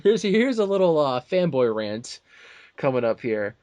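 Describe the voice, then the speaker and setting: A man's voice: medium pitch, unhurried, no echo. Guy ranting about a movie, lots of stammering restarts, dry close sound. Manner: animated ranting with many restarts and quoted asides. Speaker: podcast co-host. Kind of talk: casual movie discussion.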